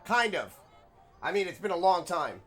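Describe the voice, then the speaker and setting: Brief: young male streamer, excitable and rambling, slightly high voice, faint game music behind. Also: moderate pace. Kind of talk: casual let's-play commentary.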